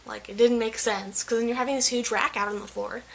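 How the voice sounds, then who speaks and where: Retelling a frustrating story in her vlog, a young woman talks a little fast in a fairly high, creaky, somewhat bright voice with a steady tone. She's chatty, leans heavily on "like," and quotes people mid-story; the recording is low quality.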